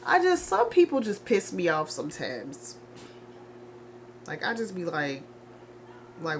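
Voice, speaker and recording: A grieving young woman in a confessional vlog, speaking in halting, repetitive bursts with heavy sighs and restarts. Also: fairly low pitch, wildly swooping pitch, slight background noise. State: grieving, low and emotional. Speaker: vlogger.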